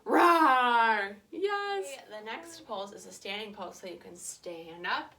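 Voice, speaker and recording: A woman's voice: medium pitch, very animated, normal speed, creaky, pushed and bright. A young woman guiding children through a yoga lesson, playful and encouraging, talking simply to kids. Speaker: kids' yoga teacher. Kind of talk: guided kids' yoga lesson.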